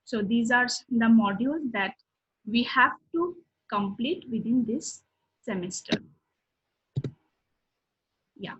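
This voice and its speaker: Woman lecturer, husky and a bit high, steady explainer, dull lo-fi recording. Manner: steady, explanatory, lists topics one by one.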